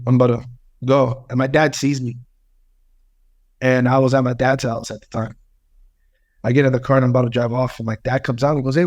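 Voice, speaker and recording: Guy in his 30s on a podcast, normal pitch, emotional storytelling, swears a lot. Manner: emotional, heavy swearing, animated retelling. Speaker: podcast guest. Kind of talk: casual storytelling.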